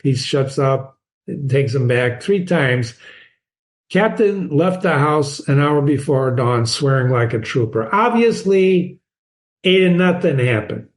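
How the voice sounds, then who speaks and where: A man casually breaking down a short story for students, asking rhetorical questions and reading quoted lines aloud. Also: fairly high pitch. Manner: chatty, frequent rhetorical "right?". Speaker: literature teacher. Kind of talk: conversational story analysis.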